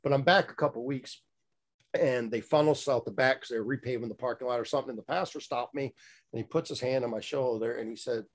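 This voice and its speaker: A middle-aged man speaks as a guest at a quick pace in a medium-pitched voice. He tells a candid personal story bluntly and a bit profanely, rambling with lots of fillers and restarts.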